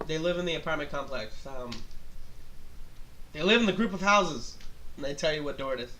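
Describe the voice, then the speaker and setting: Young male game master, casual and halting, slightly high voice, faint hiss. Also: sharp tone. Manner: casual, halting, laughs often. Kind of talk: narrating a tabletop game.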